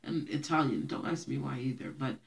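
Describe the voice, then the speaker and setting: A woman's voice: rumbling low, brisk, gravelly. A young woman who grew up speaking Haitian Creole, telling childhood stories to her viewers in a chatty way and laughing often. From Haitian family, raised in Brooklyn. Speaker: vlogger. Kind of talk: casual storytelling to camera.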